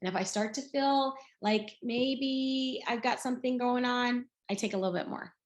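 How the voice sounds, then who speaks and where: Woman in her 60s, personal testimony, chatty storyteller, slightly high voice, echoey room. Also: normal speed. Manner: chatty storytelling, acts out quoted dialogue. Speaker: guest speaker. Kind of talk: personal testimony on a video call. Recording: roomy echo.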